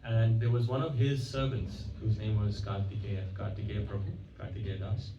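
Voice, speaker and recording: At a temple, a man delivering a devotional talk as guest speaker narrates stories in a conversational way, performs the dialogue he quotes, and frequently corrects himself partway through sentences. He speaks at a moderate pace in a lowish, level voice. The hall recording sounds echoey, distant and dull, with background noise.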